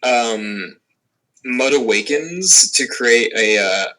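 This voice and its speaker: Bright-voiced man as a game player. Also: medium pitch, expressive, slow pace, poor audio. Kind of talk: casual tabletop play.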